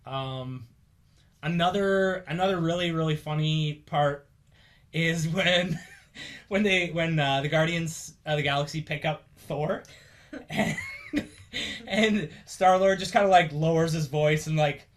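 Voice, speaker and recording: A man's voice: a little high, measured pace. Chatty young man, rambling host. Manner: chatty, rambling with many fillers and laughs. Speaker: podcast host. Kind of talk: casual chat.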